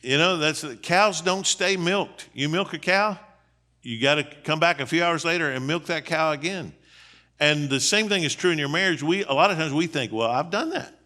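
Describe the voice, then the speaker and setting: A man's voice: a little high, moderate pace, sharp tone. A middle-aged man, a seminary dean, giving a conversational sermon on marriage in a folksy, emphatic way full of rhetorical questions. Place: church.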